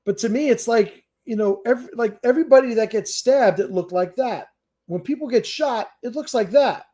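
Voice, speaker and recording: His voice very high and warm, a middle-aged man hosts a livestream Q&A at a moderate pace. He speaks bluntly with lots of emphasis, curses frequently and keeps starting sentences over.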